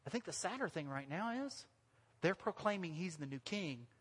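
Animated pastor preaching in an echoing hall. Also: male voice, a little high, normal speed, slightly rough. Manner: animated, bursts into loud sung lines. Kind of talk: sermon. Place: church hall. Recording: long hall reverb.

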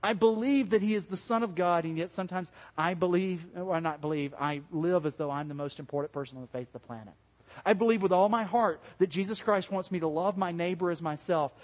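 A man giving an interactive sermon as pastor, conversational, asking the congregation questions and acting out the voices he quotes. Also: long reverb tail. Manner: acts out quoted voices with big pitch jumps.

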